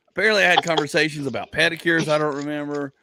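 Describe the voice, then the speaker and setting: A man, a comedian and podcast host, telling a rambling story in casual chat. He laughs at his own stories and his voice jumps up in pitch. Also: brisk, heavy background noise.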